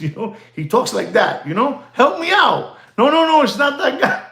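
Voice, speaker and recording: A man's voice: high-pitched, very animated, normal speed, hardly any pauses, a bit bright, roomy sound. A man, rambling in casual livestream chat with viewers, repeating himself and laughing often. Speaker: watch dealer hosting a livestream.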